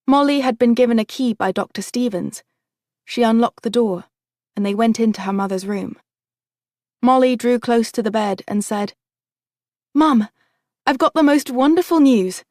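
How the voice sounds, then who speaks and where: A woman narrating an audiobook in a steady, even storytelling manner. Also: fairly high pitch, moderate pace, dry recording, studio quality. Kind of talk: scripted narration.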